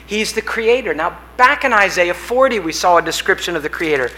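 A pastor with a high, bright male voice preaches a sermon as if telling a story, swelling with force on the big images and then settling back down. His delivery is expressive and brisk, and the rough recording carries a faint hiss or hum.

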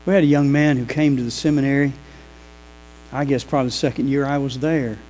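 A pastor preaching a sermon, telling lively stories and acting out the people in them. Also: male voice, medium pitch, brisk, low-quality recording. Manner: animated, acts out quoted voices. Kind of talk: sermon with storytelling.

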